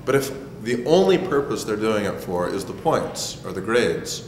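A teacher being interviewed, speaking in a reflective, measured way. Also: male voice, lowish voice, very animated. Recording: echoey hall with crowd noise.

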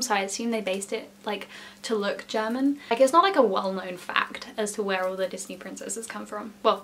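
A young woman chatting casually in a storytelling vlog, with many "like" fillers and lively emphasis. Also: mid-range voice, slight background noise. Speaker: former theme park character performer.

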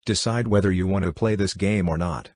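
A male audiobook reader voicing a cool, scheming male demon lord who speaks in a calm, measured, matter-of-fact way. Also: sits low, dry recording. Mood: composed. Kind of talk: audiobook character reading.

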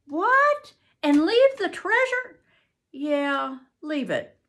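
A ragged, superstitious boy, played by an older woman reading aloud, his voice climbing higher than the narration. He speaks slowly, with lively swoops of pitch. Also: creaky, husky, full character voice. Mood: scared.

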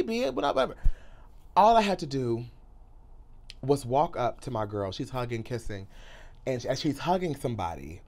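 A young man telling an excited storytime in a sassy, theatrical way, swinging between loud outbursts and hushed asides. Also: mid-range voice. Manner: sassy, calls the listener girl and honey. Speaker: pop culture commentator and YouTuber.

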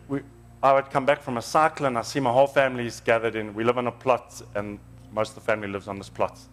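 A man, preaching a storytelling sermon in a church in an earnest, emotional, conversational way. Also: mid-range voice.

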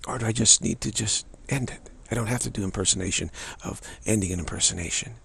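Very husky, gravelly-voiced man musing. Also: lowish voice, fairly bright tone. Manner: halting, repeats words and restarts often. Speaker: spiritual teacher. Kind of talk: reflective spiritual monologue.

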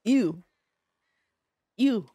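A woman's voice: on the high side, animated, extremely slow, warm tone, breathy edge, no echo, clean studio sound. A woman livestreaming a game, chatting casually with viewers, joking, swearing a lot and laughing often in a playfully dramatic way. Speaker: game streamer. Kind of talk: casual livestream chat while gaming.

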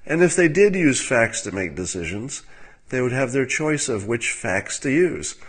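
A man giving casual livestream commentary in a wry, musing way, with fillers and soft laughs. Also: mid-range voice, very animated, moderate pace, slightly rough.

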